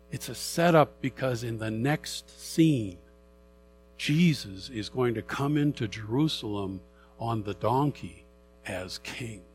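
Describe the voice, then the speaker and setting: A middle-aged man with a medium-pitched voice preaches a Bible-teaching sermon. He is conversational and animated as he reads scripture and explains it.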